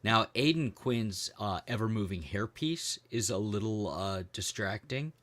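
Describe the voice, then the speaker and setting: A middle-aged American podcast co-host rambles and jokes in casual chat, trailing off with ums while searching for words. His lowish voice is a bit bright, with lively intonation and a slightly slow pace.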